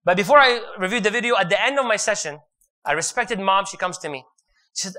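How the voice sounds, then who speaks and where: A man preaching a sermon, retelling a story in an animated way and joking and laughing with his audience. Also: high-pitched, fast talker.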